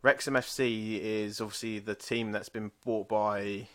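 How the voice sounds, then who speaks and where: A man's voice: on the low side, little pitch movement, measured pace, fairly bright tone. A man in his thirties from England, co-hosting a podcast and rambling through sweary anecdotes with laughs. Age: 30s. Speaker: podcast co-host. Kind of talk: casual chat.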